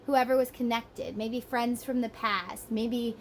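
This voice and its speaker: A woman with a soft Southern US accent talks her way through a tarot reading in a loose, rambling way. Her voice sits fairly high, and now and then she acts out the people she is talking about. A faint hiss of background noise runs under the recording. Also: steady tone, a little slow, poor audio. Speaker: tarot reader. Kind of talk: casual psychic reading monologue.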